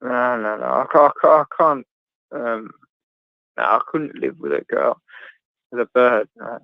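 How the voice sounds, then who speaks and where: A man's voice: medium pitch, big pitch swings, measured pace, no echo. A man chatting casually on a livestream, joking crudely, laughing often and stumbling over fillers. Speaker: guest on a livestream chat. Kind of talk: casual banter. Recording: tinny phone-like video call audio, dry.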